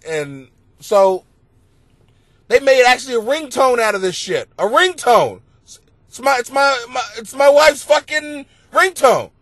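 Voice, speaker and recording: A middle-aged male comedian telling rambling, profane stories on his podcast, bursting into loud exclamations. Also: very high voice, very animated, a little slow, dry recording. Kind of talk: comedic storytelling monologue. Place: basement at home.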